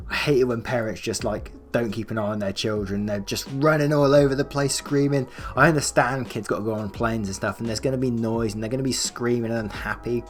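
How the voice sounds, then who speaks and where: A man narrating an online story expressively, with chatty asides to his viewers. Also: medium pitch. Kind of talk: online story reading and casual commentary.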